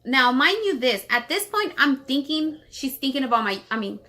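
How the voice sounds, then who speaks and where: Bright-voiced vlogging woman holding back tears. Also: high-pitched, very animated. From Los Angeles, United States. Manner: rapid rambling with many fillers and restarts. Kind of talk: emotional personal storytelling.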